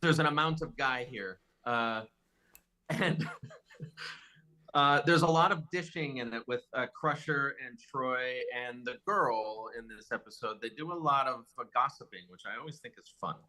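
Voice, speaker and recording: Bright, playful male podcast guest who trips over his words. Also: mid-range voice. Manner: playful, gossipy, halting. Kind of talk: casual podcast chat.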